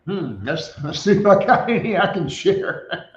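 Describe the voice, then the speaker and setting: A man's voice: high-pitched, big pitch swings, slow, reverberant, muffled recording. An older man, a former quarterback, telling stories in a radio interview, laughing often as he goes. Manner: chuckling storyteller, laughs often.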